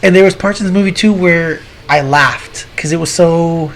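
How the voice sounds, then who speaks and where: A man's voice: fairly high pitch, moderate pace, fairly bright tone, a little hiss or hum. A man co-hosting a podcast, reviewing a film in casual, rambling chat and often restarting his sentences. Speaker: podcast co-host.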